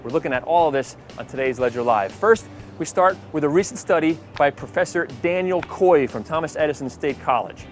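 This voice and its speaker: A man's voice: a little high, animated, brisk, lo-fi sound, soft background music. Upbeat man hosting a news feature. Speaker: host. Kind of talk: news feature narration and street interviews.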